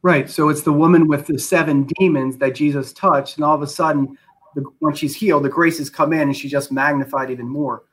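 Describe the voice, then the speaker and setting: A man's voice: a little high, steady tone, brisk, a bit bright, rough recording. A man interviewing a priest, talking reflectively with frequent false starts. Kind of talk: interview conversation.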